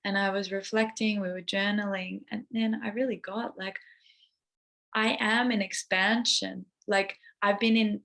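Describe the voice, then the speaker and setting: A young woman sharing a heartfelt personal update in a vlog. She talks openly and emotionally, with lots of "like" fillers. Her voice swings between bright excitement and quiet, near-whispered vulnerability. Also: mid-range voice, measured pace, creaky.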